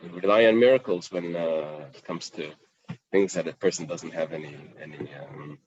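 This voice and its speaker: A man's voice: low-pitched, moderate pace, highs cut off, slight background noise. A man teaching a Talmud class in plain English, mixing in Aramaic and Hebrew quotes, with fillers and restarts. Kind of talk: daf yomi Talmud class.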